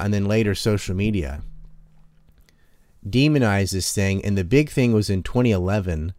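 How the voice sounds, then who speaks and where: Man, low voice, dry close sound, casual opinionated talk, swears freely. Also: dry recording. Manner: blunt, profane, animated storytelling.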